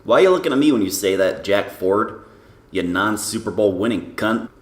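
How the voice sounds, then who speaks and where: A man's voice: lowish voice, lively intonation, moderate pace, roomy sound. A man doing a brash, profane, boastful impression of a football commentator while playing a video game. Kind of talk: comedic let's-play commentary.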